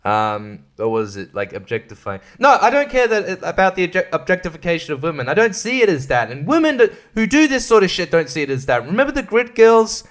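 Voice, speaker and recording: A man's voice: high-pitched, sing-song, fairly quick, few pauses, fairly bright tone. A man hosting a casual solo podcast, rambling and crude, swearing and laughing often. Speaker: podcast host.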